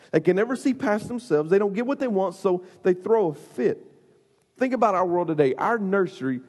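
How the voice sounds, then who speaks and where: A man preaching to youth, telling a comic story with lots of fillers in an animated way. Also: sits high, husky. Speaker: youth pastor. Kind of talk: storytelling sermon. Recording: long hall reverb.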